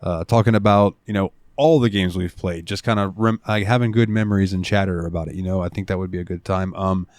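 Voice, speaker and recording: A man with a lowish voice hosts a gaming podcast, talking in a loose, rambling way and swearing now and then. The sound is dry and close, with little room around it. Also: fairly even intonation, fast, few pauses, darkish tone, no room sound. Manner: laid-back, rambling, swears casually. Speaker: podcast host. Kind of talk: casual chat.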